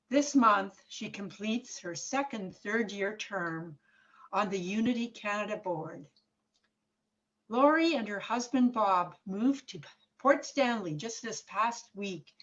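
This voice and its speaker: Woman introducing a guest, dull lo-fi audio. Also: mid-range voice. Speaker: church member introducing the guest. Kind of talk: prepared introduction.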